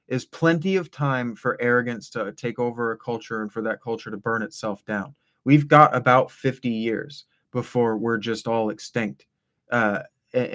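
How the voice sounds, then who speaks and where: Man, host, reads passages aloud, rambling philosophical commentary, deep radio voice for the readings, restarts and asides. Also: fairly bright tone.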